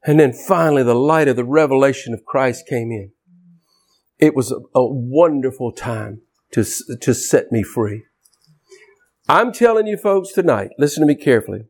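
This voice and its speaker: A man preaching a fiery deliverance sermon, forceful and scolding, his voice swinging from loud to low. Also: animated, moderate pace.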